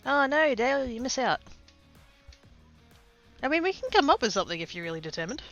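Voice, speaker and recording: A woman's voice: fairly high pitch, lively intonation, a little fast, long pauses, fairly bright tone, lo-fi sound, soft background music. A woman with an Australian accent chatting casually on a live stream, rambling, laughing often and swearing casually.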